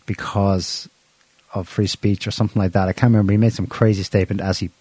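Sarcastic guy on a podcast, lowish mellow voice, dead dry sound. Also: level tone, fast, husky, no room sound. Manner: wry, sarcastic, laughs at his own points. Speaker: podcast host. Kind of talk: casual political chat.

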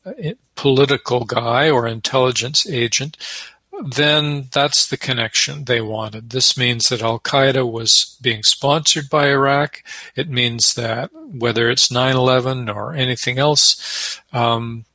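A man, an author and peace activist, giving measured, explanatory interview answers with a wry edge. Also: medium pitch, bright, forceful tone, no room sound.

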